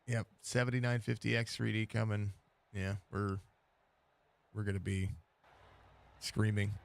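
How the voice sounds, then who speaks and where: A man's voice: fairly low pitch, steady tone, a little slow, creaky. A man hosting post-race interviews in casual talk, laid-back and rambling, laughing often, on a headset mic. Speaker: race broadcast host.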